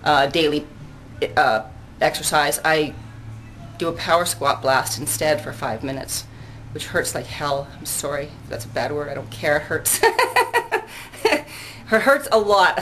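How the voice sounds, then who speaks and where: A woman's voice: low-pitched, normal speed, a bit bright, slight background noise, poor audio. An older woman chatting casually in a fitness vlog, rambling and laughing often, a bit out of breath after a workout, recorded on a handheld camera out on her balcony. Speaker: vlogger. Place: outdoor balcony.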